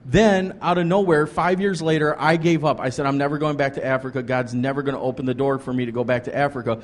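A man of medium pitch talks at a quick pace with fairly even intonation, a guest who is a pastor and ministry leader. His earnest ministry story wanders casually, studded with restarts and "like" fillers.

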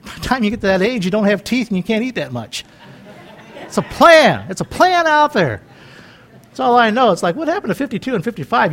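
A man's voice: very high-pitched, a bit bright. A man in his fifties preaching in a folksy, conversational way, joking and wandering into chatty asides. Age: 50s. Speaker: pastor.

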